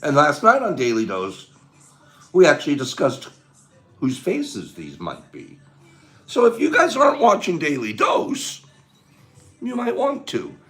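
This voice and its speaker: A man hosting a casual livestream, emotional and animated, swinging from loud bursts to soft, choked-up murmurs. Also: a little high, unhurried, long pauses, faint music behind. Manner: emotional, gets choked up and clears his throat. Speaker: livestream host.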